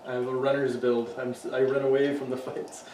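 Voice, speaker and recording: A man's voice: mid-range voice, fairly quick. A man co-hosting a podcast, chatting casually with lots of swearing and laughter. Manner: profane, laughing, animated banter. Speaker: podcast co-host. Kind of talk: casual chat. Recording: echoey room, mic at a distance, faint hiss.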